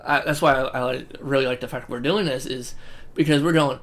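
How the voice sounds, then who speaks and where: A man's voice: mid-range voice, fairly even intonation, a little fast, a bit bright. A man co-hosting a podcast in casual chat, rambling and swearing freely. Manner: rambling and profane. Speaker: podcast co-host.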